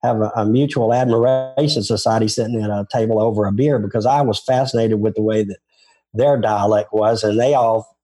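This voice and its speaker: An older Southern man with a Tennessee drawl, his voice low, mellow and a little husky. He rambles through his stories with restarts and self-deprecating asides in a relaxed interview. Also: a little fast, faint music behind. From Memphis, Tennessee. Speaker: former touring golf pro, interviewee. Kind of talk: casual interview storytelling.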